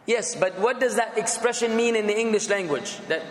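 A man's voice: high-pitched, a little fast. A man teaching a class, stretching out word contrasts with emphasis and occasional bursts of fervor. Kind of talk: classroom lecture on English for preaching. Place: lecture room. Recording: echoey room with long reverb.

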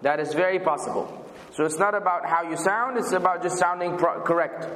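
In a reverberant, echoey hall, a religious teacher leads his weekly Quran commentary class, explaining patiently and spelling words out. His voice is a little high and fairly bright, and he speaks slightly fast.

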